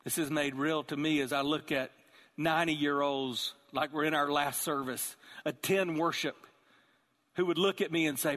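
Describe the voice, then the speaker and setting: A man preaching a sermon as pastor, telling the story with animated, acted-out voices. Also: on the high side, moderate pace, big-room sound. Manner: animated storytelling, acting out characters.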